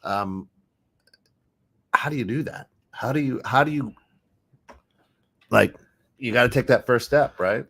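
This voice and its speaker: A man's voice: mid-range voice, a little slow, creaky, pauses often, fairly bright tone, husky. A man co-hosting a podcast, talking earnestly in a casual motivational chat, often repeating words. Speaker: podcast co-host.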